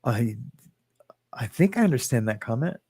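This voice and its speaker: A man's voice: medium pitch, sing-song, moderate pace, mellow, husky, dry recording. Chatty man reading viewer comments. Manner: chatty, rambling, reads viewer comments aloud, laughs often. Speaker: host. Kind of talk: casual livestream chat. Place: home living room. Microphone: webcam or phone in his home.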